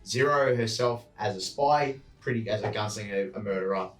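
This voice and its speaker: A man's voice: lowish voice, normal speed, echoey room, faint music behind. A man narrating as game master of a tabletop role-playing game, rambling with many fillers and restarts. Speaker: dungeon master.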